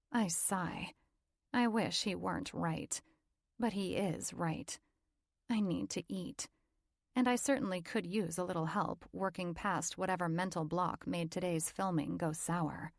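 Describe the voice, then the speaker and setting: Low-voiced woman narrating a romance. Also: measured pace, creaky, dry recording, studio quality. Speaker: audiobook narrator. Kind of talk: first-person romance narration.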